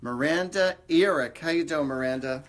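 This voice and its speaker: A man's voice: a little high, moderate pace. A man hosting a live stream, giving psychic readings in a rambling, conversational way with lots of fillers. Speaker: psychic medium host.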